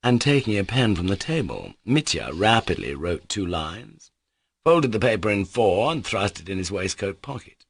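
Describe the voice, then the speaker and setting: Low-voiced male audiobook narrator. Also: sing-song, moderate pace, gravelly, husky, dry recording. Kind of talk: scripted narration.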